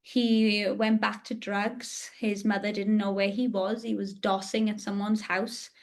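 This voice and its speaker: A woman in her thirties hosts her own podcast and recounts a personal story directly to the listener. Her voice sits at a middle pitch, and she speaks in a candid, confessional and emotionally open way. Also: flat delivery, measured pace. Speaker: podcast host.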